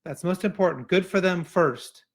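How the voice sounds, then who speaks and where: A man's voice: sits high, moderate pace. A man giving a keynote talk in a conversational way, often restarting phrases and adding asides. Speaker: keynote speaker.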